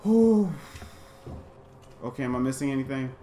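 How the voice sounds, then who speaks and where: A man's voice: fairly low pitch, normal speed, echoey room, slight background noise. A man hosting a let's play, jumpy and easily startled, repeating himself and bantering with viewers. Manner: chatty with an exclamatory, self-deprecating banter. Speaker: gaming channel host.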